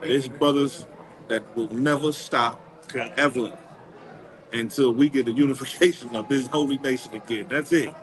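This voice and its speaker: An impassioned man speaks in a fervent, preacher-like cadence, circling back on his own words for emphasis. His voice sits at an ordinary middle pitch. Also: fairly even intonation, moderate pace, a crowd in the background, rough recording. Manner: emphatic, preacher-like, repeats phrases. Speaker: community organizer being interviewed. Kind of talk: impassioned street interview.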